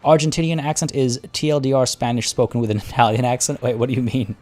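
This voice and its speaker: A man's voice: mid-range voice, fast talker. A man streaming a strategy game with casual, chatty commentary, talking to his units as he plays. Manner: relaxed, chatty, talks to units.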